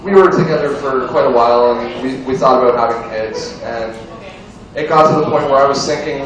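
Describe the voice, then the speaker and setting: A man's voice: mid-range voice, fairly quick, very echoey. A young man doing an amateur stand-up set in a bar, crude and rambling, chatting with the crowd, recorded from far off. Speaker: stand-up comedian. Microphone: far camera. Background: crowd chatter and laughter.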